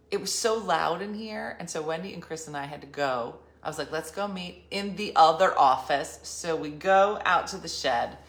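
A woman's voice: fairly low pitch, sharp tone. A woman host telling a rambling, jokey story in casual chat. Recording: roomy echo with faint ambience.

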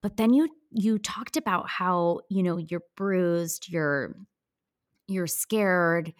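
A woman hosts an interview in a fairly low voice. She speaks sympathetically and sums up what her guest has told her. The sound is dry and close. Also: slow pace, no room sound. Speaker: podcast host.

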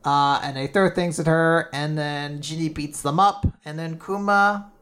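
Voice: medium pitch, a little slow, slight background noise. Chatty podcast co-host recapping manga. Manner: animated retelling with many fillers and swearing. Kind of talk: casual chat recapping manga chapters.

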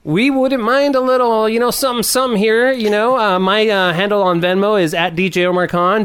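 A man's voice: sits high, fairly bright tone, smooth. A man hosting a podcast in loose, joking banter, laughing often. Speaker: podcast host.

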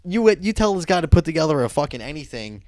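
Animated New York man swearing. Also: on the high side, fast, dry recording. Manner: animated, profane storytelling. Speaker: podcast co-host. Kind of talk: casual chat.

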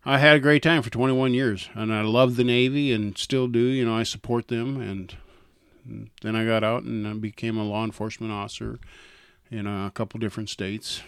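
An older man from North Dakota tells stories in an easygoing, folksy manner. His voice is lowish and smooth, and it sounds close and dry, with no room around it. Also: steady tone, moderate pace, fairly bright tone, no room sound. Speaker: guest. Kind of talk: casual interview chat.

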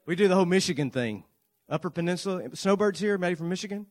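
A pastor preaching to his congregation, earnest, with dramatic swings between loud emphasis and soft, quiet lines, and playful asides. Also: high voice, expressive, fast talker. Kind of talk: sermon.

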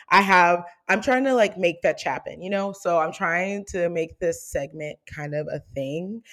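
Animated, laughing young woman podcast host. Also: on the low side. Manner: animated, laughs often, playful teasing. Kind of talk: casual chat.

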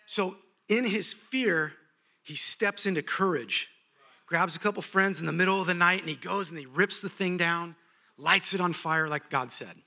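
A man preaching a sermon, telling a story in an animated, humorous way. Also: high-pitched, normal speed.

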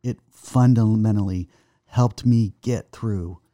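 A middle-aged man giving an earnest faith testimony in conversation, halting and restarting, reciting verses slowly. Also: fairly low pitch, warm tone, dry recording, clean studio sound. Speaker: guest, son of the host.

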